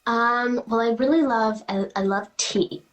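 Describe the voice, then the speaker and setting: A woman's voice: fairly high pitch, unhurried, faint music behind, poor audio. A teenage girl, a guest actress, answering interview questions chattily with lots of fillers and giggles.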